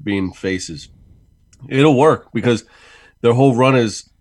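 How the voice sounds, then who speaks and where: A man's voice: mid-range voice, takes it slowly, dry recording. A man co-hosting a casual talk show, laying out his points at length in an easygoing way. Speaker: podcast co-host. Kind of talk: casual chat.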